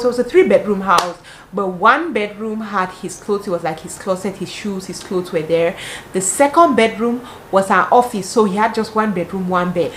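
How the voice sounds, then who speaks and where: A young woman with a Cameroonian English accent, telling dating stories casually in an animated, dramatic way with exclamations. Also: medium pitch, moderate pace, a little hiss or hum. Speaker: vlogger. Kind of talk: casual storytelling. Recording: roomy echo, faint ambience.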